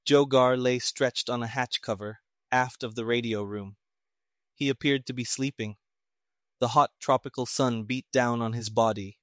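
A man narrating a story in a measured, even way. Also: mid-range voice, no room sound, clean studio sound.

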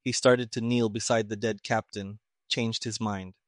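A man narrating a mystery story in an even, measured reading. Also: lowish voice, no room sound, studio quality. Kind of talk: audiobook narration of a pulp mystery.

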